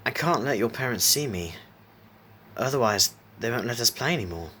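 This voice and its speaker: A man's voice: medium pitch, expressive, moderate pace, sharp tone, a little hiss or hum. A man voicing a sinister, clown-like supernatural being who talks in a sly, coaxing way in a horror story reading.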